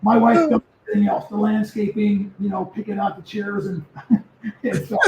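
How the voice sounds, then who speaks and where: Animated older man with a high voice telling stories. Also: normal speed, a little hiss or hum. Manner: animated storyteller who repeats words. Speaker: guest, former pro football player. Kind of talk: casual storytelling interview. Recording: echoey, muffled remote audio.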